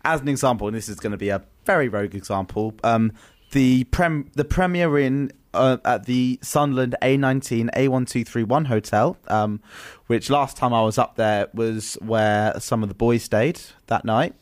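A man's voice: mid-range voice, steady tone, normal speed. A man hosting a casual chat, rambling through stories with lots of restarts and ums. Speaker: podcast host.

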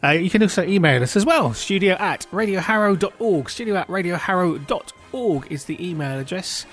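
Jovial radio host, fairly high voice. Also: male voice, animated, fairly quick, fairly bright tone, faint music behind. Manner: chatty, jovial, friendly banter. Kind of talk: casual radio chat. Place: radio studio.

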